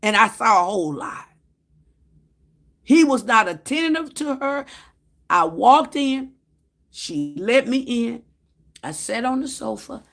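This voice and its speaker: A woman's voice: fairly high pitch, slow pace, creaky, pauses often. A woman telling a storytime vlog in a casual way, acting out the dialogue of the people in her story. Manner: animated storytelling that acts out quoted dialogue. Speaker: vlogger.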